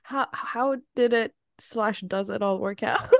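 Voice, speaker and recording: A woman hosting an interview, asking eager, excitable questions. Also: mid-range voice, slow pace, vocal fry, dry recording, studio quality. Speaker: podcast host. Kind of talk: casual interview.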